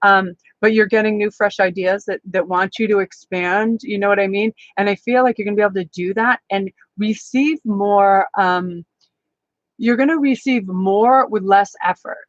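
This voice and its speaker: A woman's voice: mid-range voice, fairly even intonation, normal speed, dry recording. Bubbly woman rambling through a tarot stream. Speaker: tarot reader. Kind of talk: live-stream tarot reading. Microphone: camera on a tripod. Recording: dry, slightly dull sound.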